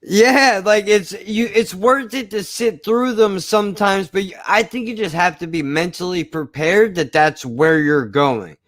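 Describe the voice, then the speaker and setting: An excitable man co-hosting a casual chat over a video call, calling his friend "dude" and "bro". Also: sits high, unhurried, few pauses, no room sound, clean studio sound. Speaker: podcast co-host.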